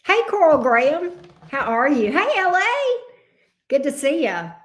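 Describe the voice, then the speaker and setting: A woman's voice: sits high, sing-song, measured pace, a bit bright. A woman hosting a casual livestream. She greets viewers by name and coos affectionately over her dog. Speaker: tarot reader hosting a livestream. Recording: roomy echo.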